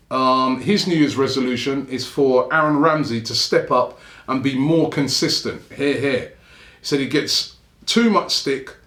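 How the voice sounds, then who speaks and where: A man's voice: mid-range voice, a bit bright. A man hosting a fan channel show, chatting casually as he reads out viewer comments and often chuckles between remarks. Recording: roomy echo.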